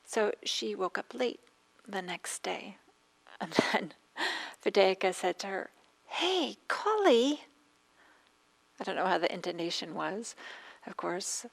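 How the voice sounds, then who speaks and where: A woman meditation teacher giving a dharma talk, speaking gently with pauses and a slightly scratchy throat. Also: lowish voice, steady tone, gravelly. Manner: gentle, soft-spoken with frequent pauses and fillers.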